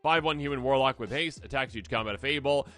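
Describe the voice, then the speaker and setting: A man hosting a casual deck review, jokey and animated, who talks straight to imagined opponents. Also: medium pitch, quick pace. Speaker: host.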